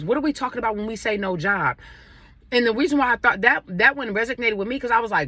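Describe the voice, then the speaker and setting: Casting note: woman, bright and lively, talks straight to camera over a meal, friendly advice-giver. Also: fairly high pitch, fast talker. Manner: chatty, addresses viewers directly, eating while talking. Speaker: vlogger sharing advice. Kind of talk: casual chat over a meal.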